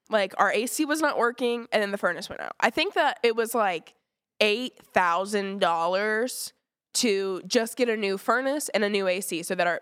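A woman's voice: medium pitch, a bit bright, no echo, clean studio sound. A woman hosting a podcast, chatting casually, rambling and swearing freely. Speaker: podcast host.

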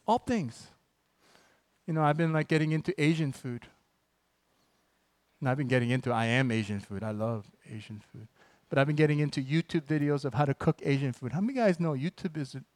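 A male pastor delivering a sermon in a fairly high voice, chatting and joking with his congregation before pressing his points with rising emphasis. The sound is close and dry, with no room around it. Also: a little mellow, no echo. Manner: conversational and joking, with sudden emphatic bursts.

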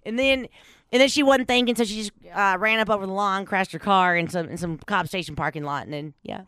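Animated woman podcast host, smooth voice. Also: fairly quick. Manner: animated, swearing, laughs often, big pitch swings; storytelling, reads news aloud with commentary. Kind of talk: casual chat.

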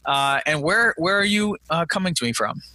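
Picture a male podcast host with a bright, forward, slightly high voice. He talks in a chatty, upbeat way and leans on plenty of fillers. The sound is dry and close, with faint music under it. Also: animated, normal speed, no echo. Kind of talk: casual interview chat. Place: home setup in New Jersey.

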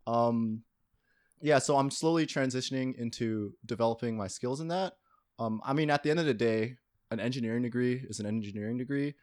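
A man's voice: mid-range voice, brisk, a little mellow. A young man, a university student, talking casually and thoughtfully as a podcast guest, often hedging. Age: young adult. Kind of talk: casual chat.

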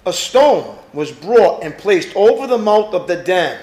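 Pastor guy preaching, real high voice that jumps all over, echoey room. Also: unhurried. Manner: animated preaching, rhetorical questions to the congregation. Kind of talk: sermon.

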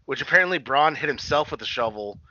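A man's voice: on the high side, expressive, fast, bright, forceful tone, no room sound. A man co-hosting a casual wrestling podcast, talking in a profane, rambling way. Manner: profane, rambling, retells scenes. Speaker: podcast co-host. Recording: dull dry lo-fi sound.

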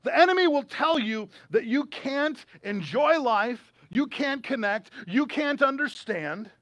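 Very high-voiced male pastor preaching. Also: animated, unhurried, fairly bright tone, no room sound. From United States. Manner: conversational preaching with humorous asides. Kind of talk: sermon. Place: church service streamed online.

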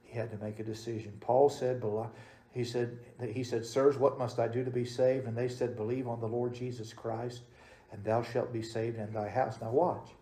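A male pastor delivers his sermon, his middle-pitched voice surging to loud emphasis and then dropping to a hush. The sound carries the roomy echo of a church sanctuary. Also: flat delivery, normal speed. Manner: swings between loud emphatic and soft hushed delivery.

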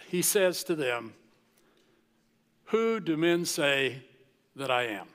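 A man preaching from the pulpit in slow, deliberate phrases with long dramatic pauses. His voice is bright and a little high for a man. Long reverb from the large hall trails each line. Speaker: pastor. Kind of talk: sermon.

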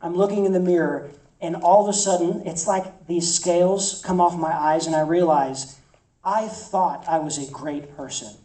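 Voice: medium pitch, steady tone, moderate pace, warm tone, reverberant, recorded from a distance, poor audio. A campus ministry preacher delivering an emphatic sermon, repeating phrases for effect.

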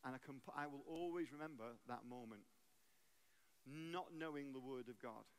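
A man's voice: medium pitch, moderate pace. A man from England giving a guest sermon in a church, telling stories with humor. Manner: storytelling, lively and humorous. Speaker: guest preacher.

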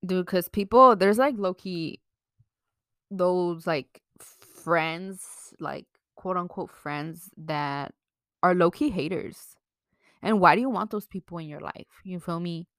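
A woman's voice: fairly low pitch, slow, a bit bright, no echo, clean studio sound. A young woman giving casual life advice to camera, chatty and frank, swearing freely and slipping into Mexican Spanish now and then. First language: bilingual, slips into Mexican Spanish. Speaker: vlogger.

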